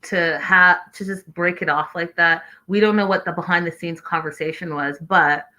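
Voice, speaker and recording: A woman hosting a show, recapping episodes in an animated, exclaiming way and acting out what people said. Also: on the low side, moderate pace. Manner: expressive, exclaiming, acting out quotes. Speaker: podcast host recapping a reality show.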